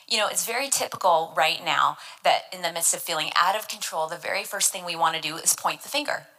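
Earnest woman teaching scripture, bright tone. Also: fairly low pitch, brisk, rough recording. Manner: earnest, emphatic, explains scripture word by word. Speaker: devotional teacher. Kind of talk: devotional Bible teaching.

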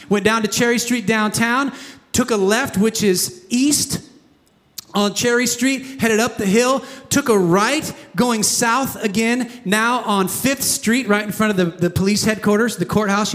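A man's voice: high-pitched, fairly bright tone, big-room sound. A man preaching a sermon as pastor, emphatic and asking the congregation questions. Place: church sanctuary.

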